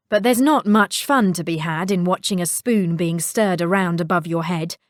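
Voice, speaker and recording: A woman reading a children's storybook aloud, expressive and playful with sound-effect words. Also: lowish voice, dry recording, clean studio sound.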